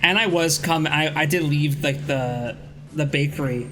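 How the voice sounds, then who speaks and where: On a rough recording with faint background music, a young streamer host speaks unhurriedly in a fairly high voice. His casual chat drifts into a rambling story, with restarts and swearing along the way.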